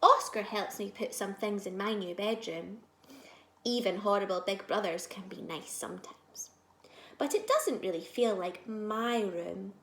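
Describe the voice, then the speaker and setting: A woman teacher reads a children's picture book aloud at an unhurried pace. Her bright voice carries a gravelly fry. She moves between hushed asides and louder moments. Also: medium pitch, roomy sound. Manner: slow, expressive, shifting between soft and loud. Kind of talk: storybook read-aloud.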